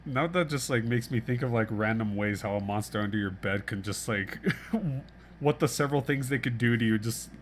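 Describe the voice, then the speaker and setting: A man's voice: lowish voice, fairly quick, slight background noise. Male co-host, laid-back, chatty, filler-heavy. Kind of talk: casual chat.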